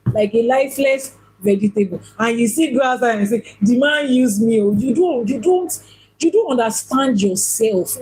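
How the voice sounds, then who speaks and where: A woman's voice: high voice, slightly rough, poor audio. A woman giving a spiritual teaching talk as an Ifá priestess, emphatic and repeating phrases for stress.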